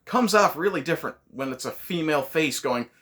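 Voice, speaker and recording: A man's voice: on the high side, lively intonation, brisk, fairly bright tone. A man hosting a casual movie review, ranting sarcastically with lots of swearing.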